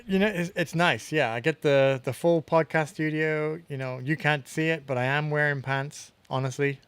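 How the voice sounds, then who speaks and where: A man from England co-hosting a podcast, relaxed and laughing easily as he chats. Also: on the high side, normal speed, clear, resonant tone, no echo. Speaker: podcast co-host. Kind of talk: casual chat.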